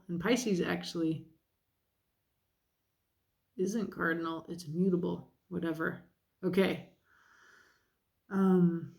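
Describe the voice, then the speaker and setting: A woman with a gravelly, creaky voice gives a casual tarot reading. She talks slowly and thinks aloud as she goes. Her tone is chatty and self-deprecating. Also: lowish voice, darkish tone. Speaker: tarot reader.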